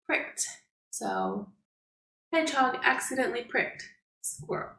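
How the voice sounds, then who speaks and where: Slow-reading teacher woman, roomy echo. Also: medium pitch, lively intonation, slight background noise. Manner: gentle, explains words and asks children questions. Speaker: preschool teacher. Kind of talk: reading a picture book aloud to young children.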